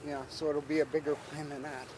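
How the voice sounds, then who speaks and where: A man talking casually during a run outdoors, matter-of-fact and quick to correct the numbers. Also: on the high side, flat delivery, rough recording. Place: outdoors by a road. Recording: outdoor recording with loud traffic noise. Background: traffic and street ambience.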